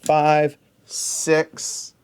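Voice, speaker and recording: A man's voice: fairly high pitch, completely flat delivery, extremely slow, a little mellow, clean tone. A man hosting a solo board game play-through, thinking aloud and muttering counts under his breath as he works out each move.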